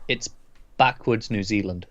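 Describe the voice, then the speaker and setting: A man's voice: on the low side, a little slow, a bit bright. Man chiming in, dull lo-fi sound. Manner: brief agreeing replies. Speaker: podcast co-host. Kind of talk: casual review chat.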